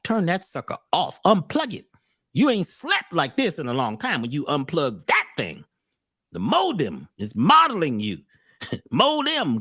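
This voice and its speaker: Animated, punning motivational man. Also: high voice, dry recording, clean studio sound. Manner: animated, preachy, punning and profane. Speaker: speaker and workshop teacher. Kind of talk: motivational lecture on a call.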